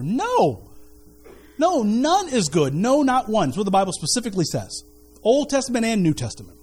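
A man preaching a sermon as a pastor, animated and repeating his key phrases, often restarting words mid-sentence. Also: high-pitched, brisk, breathy edge.

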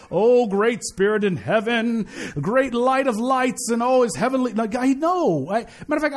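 A pastor preaching a sermon in a church, talking to the congregation in a loose, conversational way with joking asides. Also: male voice, very high-pitched. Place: church sanctuary.

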